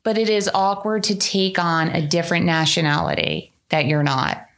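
A woman's voice: lowish voice, animated, moderate pace, a bit bright. A woman hosting a podcast, chatting casually with her best friend in a playful way and laughing often. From New York City. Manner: playful, laughs often, jumps between ideas. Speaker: podcast host. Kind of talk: casual chat between friends.

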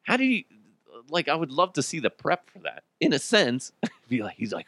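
Male podcast host, lively swooping pitch, profane, laughs a lot, dry close sound. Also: normal speed, no room sound. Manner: profane, animated, laughs often. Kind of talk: comedic solo commentary.

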